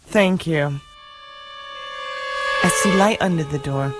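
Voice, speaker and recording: A woman's voice: low voice, takes it slowly, over loud music. An actress playing a dreamy young woman who describes her dream in a wondering tone. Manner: wondering, storytelling.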